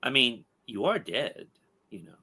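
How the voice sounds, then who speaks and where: Wry, all-knowing mystery woman, read out by a man; bright, animated delivery. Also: medium pitch, measured pace, breathy edge, heavily acted. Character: calm, knowing mystery woman who lectures a ghost. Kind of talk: read-aloud comic dialogue.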